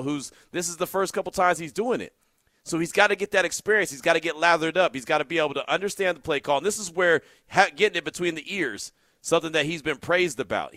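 Bright energetic sports radio host. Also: male voice, on the high side, dry recording. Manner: energetic, animated, shouts when excited. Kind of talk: call-in sports talk radio. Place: radio studio. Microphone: studio mic.

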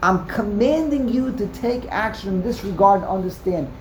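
A man's voice: high-pitched, lively intonation, moderate pace, reverberant, slight background noise. A man teaching a text-study class, explaining emphatically, often repeating words and restarting sentences. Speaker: Torah teacher.

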